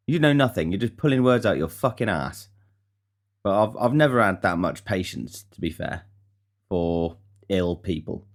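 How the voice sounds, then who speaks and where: A young man with a low voice hosts his own podcast. He talks bluntly and swears his way through a casual rant. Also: lively intonation, a little fast. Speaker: podcast host. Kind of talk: casual monologue.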